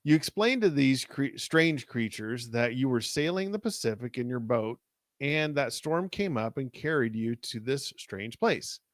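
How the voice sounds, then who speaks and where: A man co-hosting a live podcast, reading a gamebook aloud in a relaxed way and talking to the chat. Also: mid-range voice, unhurried, dry recording, clean studio sound. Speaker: podcast co-host. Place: live online show.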